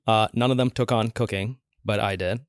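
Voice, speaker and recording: A man in his forties tells stories as a guest on a podcast, chatting casually, performing the voices of people he quotes and leaning on "like" throughout. His voice is fairly low, steady, clear and resonant, at a normal pace. The audio is studio quality with no echo.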